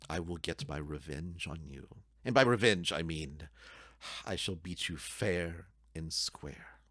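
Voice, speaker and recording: A man voicing a big, proud female ogre who speaks slowly and firmly. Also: low voice, fairly bright tone, no room sound, studio quality. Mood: resolute. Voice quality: slow, firm, deliberate.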